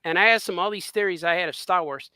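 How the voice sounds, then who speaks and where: A man's voice: sits high, fast, sharp tone, smooth, dry recording. A man co-hosting a podcast, telling an anecdote in a casual chat and acting out the quotes. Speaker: podcast co-host.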